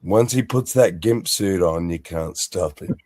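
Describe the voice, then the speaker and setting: A man's voice: low voice, a little slow, darkish tone, no echo. A man hosting a casual live-stream chat, loose and profane, laughing easily.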